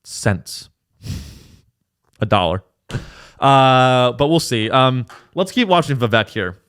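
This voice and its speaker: A man's voice: medium pitch, sing-song, slow pace, fairly bright tone, smooth. Rambling, sarcastic male podcast host. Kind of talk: casual chat.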